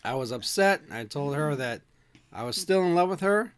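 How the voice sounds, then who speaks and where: A woman's voice: deep voice, lively intonation, normal speed. A woman co-hosting a casual chat, reading out funny stories and laughing often. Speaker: co-host.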